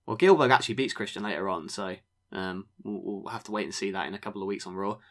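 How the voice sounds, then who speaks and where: Relaxed man recapping matches. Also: fairly low pitch, fast. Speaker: podcast co-host. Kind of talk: casual review chat.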